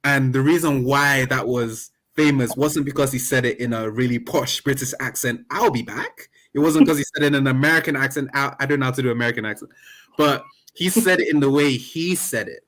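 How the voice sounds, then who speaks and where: A man of Nigerian background speaks as a guest in a casual online chat. He is talkative and animated, and he tells stories with jokes and laughter. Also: medium pitch, brisk.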